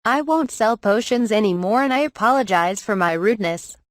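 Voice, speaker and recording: A woman reading the lines of a rude male shopkeeper in an audiobook, with a plain, even delivery. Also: mid-range voice, a little fast, dry recording, studio quality, close to an everyday voice. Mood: blustering. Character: rude shopkeeper man, blustering then pleading.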